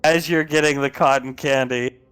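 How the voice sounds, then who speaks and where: A man narrating as game master of a tabletop game, animated and laughing as he goes. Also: medium pitch, moderate pace, smooth.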